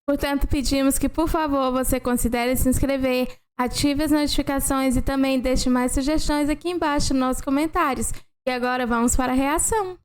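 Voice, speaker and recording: High-voiced woman co-hosting. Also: steady tone, quick pace, hardly any pauses. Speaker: reaction channel co-host. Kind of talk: casual reaction commentary.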